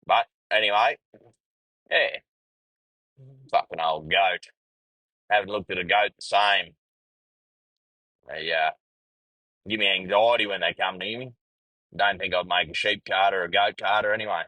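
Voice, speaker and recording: A man's voice: deep voice, unhurried, pauses often, bright, forceful tone, no room sound, poor audio. A young Australian man hosting a podcast, telling a rambling, profane yarn in casual storytelling style. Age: young adult. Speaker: podcast host.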